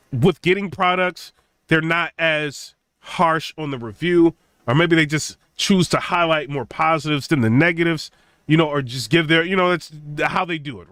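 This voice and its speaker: A young man tells an animated story in a high, bright voice that keeps asking "right?" and "you know?". He talks casually with lots of fillers, and the sound is dry and close. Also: no room sound. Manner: acts out quotes of others in a raised, mocking pitch. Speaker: tech channel host.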